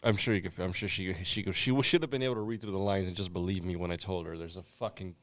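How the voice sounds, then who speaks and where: A man's voice: sits low, steady tone, fast, a bit bright, no echo. A man co-hosting a podcast in casual chat, joking crudely and swearing often. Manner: crude joking, puts on silly voices. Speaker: podcast co-host.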